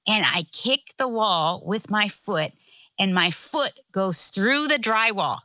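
Bright-voiced woman telling a story. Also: mid-range voice, takes it slowly, no echo. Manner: animated storytelling, laughs often. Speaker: co-host. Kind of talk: casual chat.

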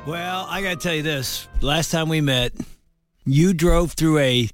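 A man's voice: fairly high pitch, unhurried, over music. A man co-hosting a radio talk show who talks in a casual, joking way. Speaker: co-host.

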